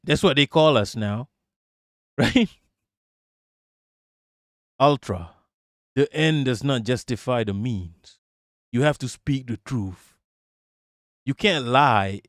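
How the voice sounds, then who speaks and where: A man's voice: medium pitch, slow, pauses often, no room sound, studio quality. A young man hosting a live political commentary stream, heated and profane, often stumbling over and restarting his words.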